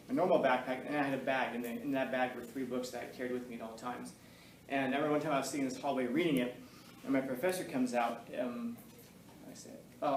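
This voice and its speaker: A man telling students loose, self-deprecating stories with easy laughs. His voice sits in the middle range and is caught from a distance in a roomy, echoing classroom with a faint hiss of noise behind. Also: medium pitch. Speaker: teacher. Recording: echoey room, mic far off.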